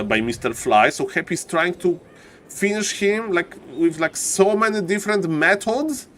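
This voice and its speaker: A man casting a live strategy game, excitable and joking, often addressing ladies and gentlemen. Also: a little high, slight background noise. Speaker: esports caster.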